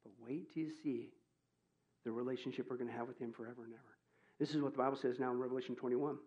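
A man preaching a sermon as pastor, joking and animated, swinging from loud exclamations to hushed asides. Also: medium pitch, rapid-fire, highs cut off.

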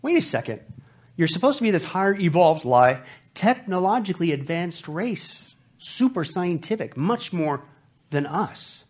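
High-ish voiced bible teacher guy, sarcastic and jokey, really emphatic. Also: sing-song, measured pace. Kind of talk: preaching commentary.

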